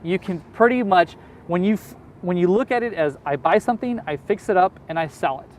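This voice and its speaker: A man's voice: sits high, fairly quick, slight background noise. A man being interviewed as a real estate investor, explaining in an easygoing way with everyday examples. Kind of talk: casual interview answers.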